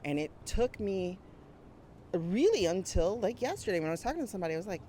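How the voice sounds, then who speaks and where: A woman's voice: medium pitch, sing-song, fast, mellow. A woman, chatting casually to her viewers outdoors with a phone mic, laughing often. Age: 40s. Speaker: brand coach. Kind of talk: casual vlog chat. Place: outdoors by a street. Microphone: small mic plugged into a phone. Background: faint traffic.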